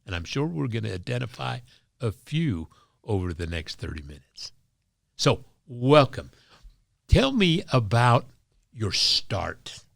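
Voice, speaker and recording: A man hosting a podcast, introducing his guest in an unhurried way and prompting the interview with short affirmations. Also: mid-range voice, very animated, vocal fry, a bit bright, no echo, clean studio sound. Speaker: podcast host.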